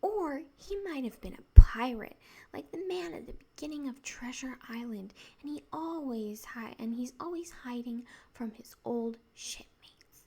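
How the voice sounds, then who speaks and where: A woman's voice: a little high, lively intonation, unhurried, darkish tone, a little hiss or hum. Woman doing a miserable whispering boy. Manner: miserable, wound-up and complaining. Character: sulky, upset young boy.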